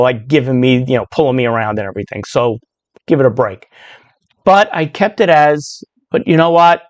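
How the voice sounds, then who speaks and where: A woman in her sixties with a low voice register, telling a personal story in a loose, chatty way full of asides. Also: no room sound. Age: 60s. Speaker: speaker sharing a personal story. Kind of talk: casual storytelling monologue.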